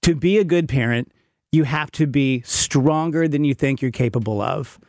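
A man's voice: fairly high pitch, no room sound, clean studio sound. A man in his fifties, chatting candidly as a podcast co-host and poking fun at himself while telling stories. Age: 50s. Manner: candid, self-mocking storyteller. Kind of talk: casual chat.

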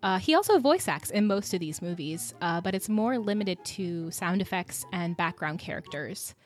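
A woman's voice: on the low side, expressive, normal speed. A woman co-hosting a casual podcast, chatty and giggly as she explains things. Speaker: podcast co-host.

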